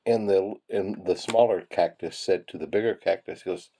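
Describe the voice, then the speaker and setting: Low mellow guy rambling through funny stories, laughing a lot, light hiss behind. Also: normal speed, gravelly, hardly any pauses. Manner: chuckling, rambling anecdotes. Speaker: penny hoarding hobbyist. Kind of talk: casual storytelling while sorting coins.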